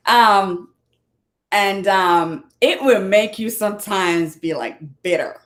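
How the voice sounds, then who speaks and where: A woman's voice: medium pitch, animated, slow pace, fairly bright tone. A woman who is a motivational speaker and author, giving an earnest, casual talk. She repeats her points, often restarts her sentences, and now and then fumbles for words. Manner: earnest and repetitive, with frequent restarts.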